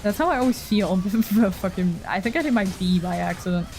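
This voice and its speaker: A woman's voice: mid-range voice, expressive, a little fast, a little mellow, faint music behind. A woman chatting casually while streaming a game, rambling, swearing freely and laughing often. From Canada. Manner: rambling, profane, frequent laughs.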